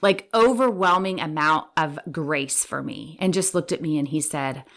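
A woman's voice: low-pitched, moderate pace. A middle-aged woman, a veterinary practice manager, telling stories as an interview guest and acting out what people said. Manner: animated storyteller, acts out quotes. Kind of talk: casual interview storytelling.

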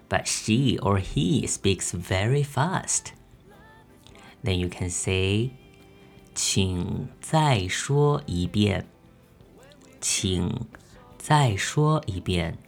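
Guy teaching a beginner lesson on his podcast, super slow, says everything twice, low voice. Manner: slow, careful, repeats each phrase twice for practice. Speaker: podcast host teaching language. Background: soft background music.

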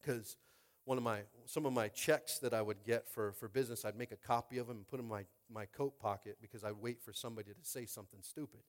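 A man preaching a lively sermon, often asking the crowd "Are you with me?". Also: mid-range voice, quick pace. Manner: animated preaching, repeated "Are you with me?" call-outs. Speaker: pastor.

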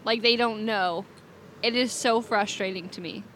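A woman in a casual podcast chat, blunt and quick to laugh. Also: medium pitch, steady tone, fairly bright tone, a little hiss or hum. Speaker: guest.

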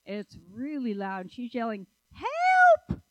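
A woman preaching a sermon, telling stories in a lively, conversational way and asking the audience questions. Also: medium pitch, measured pace, muffled recording. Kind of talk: sermon with storytelling.

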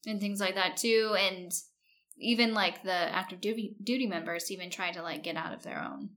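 A woman's voice: lowish voice, moderate pace, a bit bright. A woman co-hosting a casual podcast as a military spouse, chatty and full of "like"s. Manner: chatty, with many "like"s, often laughing. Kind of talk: casual chat.

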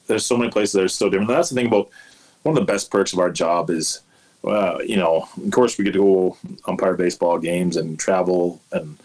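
A man in his thirties from Canada, a guest umpire chatting casually and telling rambling, animated stories. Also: lowish voice. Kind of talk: casual interview chat.

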